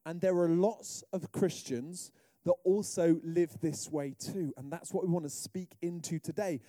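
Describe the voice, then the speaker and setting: A middle-aged British man preaching a sermon, telling humorous stories in a lively way. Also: fairly high pitch, a little slow, no echo, studio quality. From Britain. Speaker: pastor.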